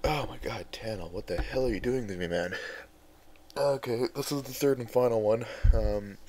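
A man's voice: medium pitch, moderate pace, dark tone, a little hiss or hum. A young man reading bad fan fiction aloud, with wry, exasperated asides between passages. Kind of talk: casual dramatic reading.

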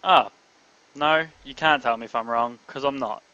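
A young man giving live gameplay commentary, excitable, talking to his chat and yelping when startled. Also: medium pitch, normal speed, lo-fi sound. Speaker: gamer streaming live.

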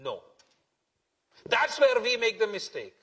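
A man's voice: extremely high pitch, wildly swooping pitch, measured pace, bright, forceful tone. A man preaching a sermon as pastor, emphatic and repetitive, stretching key words. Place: church hall. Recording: long hall reverb.

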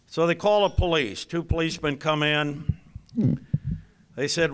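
Older man at the podium, unhurried and crisp, dry deadpan humor, a bright, slightly high voice. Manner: dry, deadpan joke telling. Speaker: retired basketball coach giving an induction speech. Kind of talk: after-dinner speech with jokes.

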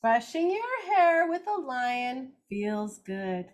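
An older woman reading picture books to little children in an animated, expressive, gentle way. Her voice is high and lively, moving through a wide melodic range. She reads slowly and deliberately. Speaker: circle time teacher.

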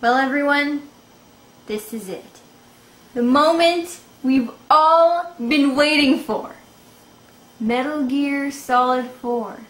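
A woman hosting a gaming video, giving excitable let's-play commentary full of swearing and shrieking reactions. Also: high voice, slow, long pauses. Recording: echoey room with loud game music behind.

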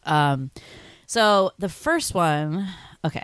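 A woman's voice: lowish voice, fairly quick, no room sound. A young woman co-hosting a podcast, chatting casually and animatedly, laughing often and saying "like" a lot. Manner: animated, laughing, heavy use of "like". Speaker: podcast co-host. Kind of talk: casual chat.

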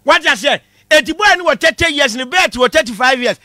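A man with a Ghanaian accent giving a comic lecture in a lively way, shouting out his punchlines. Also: very high voice, fairly quick, dry recording, studio quality. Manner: animated, shouting punchlines, mixing Twi with English. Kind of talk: comedy class monologue.

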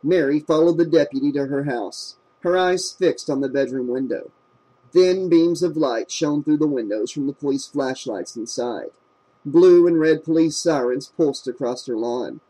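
Man narrating, horror audiobook, measured, slightly high voice. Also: mellow. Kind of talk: scripted narration.

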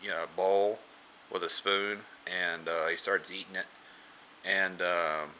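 A man with a low voice that has a sharp, pressed edge to it. He recaps a film loosely, stumbling through restarts and filler words. He keeps pausing to clear his throat. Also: flat delivery, slight background noise. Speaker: movie reviewer. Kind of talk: casual plot retelling.

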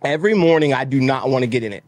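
Brief: man, mid pitch, earnest motivational interview guest, dry close sound. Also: expressive, rapid-fire, a little mellow, dry recording. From Texas. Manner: earnest, motivational, acts out his own inner voice. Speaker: guest, roofing business owner. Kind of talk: casual interview storytelling.

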